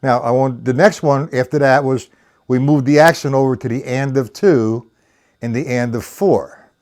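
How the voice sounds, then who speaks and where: A man's voice: mid-range voice, normal speed, a little mellow. An older man giving a casual, rambling live-streamed drum lesson, counting beats aloud as he explains technique. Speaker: drum teacher.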